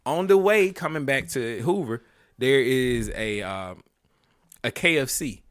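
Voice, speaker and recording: A podcast co-host tells a story in casual chat, a man with an animated, bright voice. His pitch is medium and his pace measured, recorded at studio quality with no room sound.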